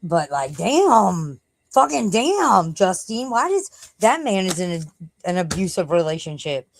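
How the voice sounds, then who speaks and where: A woman's voice: fairly low pitch, big pitch swings, a little slow, dry recording, low-quality recording. A woman live streamer chatting casually from home, rambling and cursing freely.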